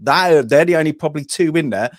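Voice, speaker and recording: A man's voice: a little high, expressive, fast talker, no echo, clean studio sound. An English man chatting casually about a film, rambling with many restarts and asides. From England. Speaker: film review panelist.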